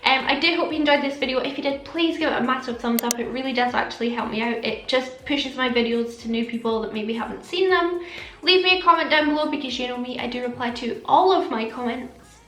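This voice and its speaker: A woman's voice: high voice, a little fast, fairly bright tone, echoey room. A young Scottish woman, a beauty vlogger, chatting casually to camera with a slight lisp. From Scotland.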